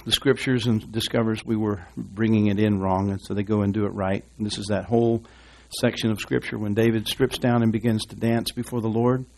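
A man with a lowish voice preaches to his congregation in a relaxed, folksy way. He wanders off into asides and restarts, then reads scripture aloud. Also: a little fast, few pauses, a little hiss or hum. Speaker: pastor. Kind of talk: sermon. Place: church.

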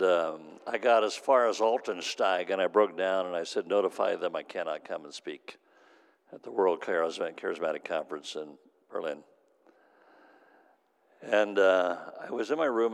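A man preaching in a church, moving from earnest exhortation into a quiet, heartfelt testimony. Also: sits low, creaky. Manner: speaks in tongues, then earnest testimony. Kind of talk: sermon.

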